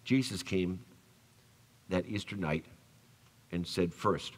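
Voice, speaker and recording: A male pastor preaching a sermon, telling the story with animated acted-out voices and dropping soft for tender lines. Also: deep voice, slow pace, slightly rough. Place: church sanctuary. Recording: long church reverb.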